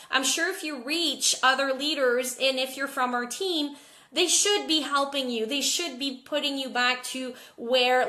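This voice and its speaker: A jet-lagged woman chats on a live stream, candid and unscripted, stumbling and repeating small words as she goes. Her voice sits a little high and sounds bright and forceful. The room around her rings with echo. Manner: casual, candid, repeats words while thinking. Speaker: network marketing team leader. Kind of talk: live video Q&A.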